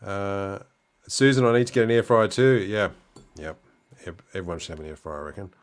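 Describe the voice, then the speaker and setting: A middle-aged man with an Australian accent chats casually on a livestream, working through viewer comments one by one. His voice sits a little low, and his talk is easygoing, full of ums and restarts. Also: fairly quick. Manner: relaxed, chatty, many fillers and restarts. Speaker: livestream host.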